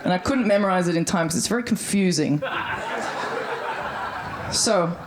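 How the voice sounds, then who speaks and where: A woman's voice: on the low side, moderate pace. A woman in her thirties with an Australian accent performing a stand-up comedy set in a chatty, breezy way and acting out the voices she quotes. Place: comedy club stage before a live audience.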